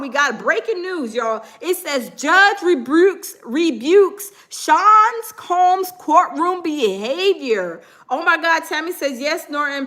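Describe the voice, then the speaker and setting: A woman hosting a live stream who comments excitedly on breaking news in a chatty way and reads headlines aloud slowly. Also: high voice. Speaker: livestream host.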